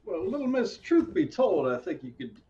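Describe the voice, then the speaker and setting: A man voicing a wandering frontier stranger who talks with polite, old-fashioned formality. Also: normal speed. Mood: courteous. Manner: polite, old-fashioned phrasing, lively pitch. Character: drifting male stranger, courteous and formal. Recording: dull lo-fi mic.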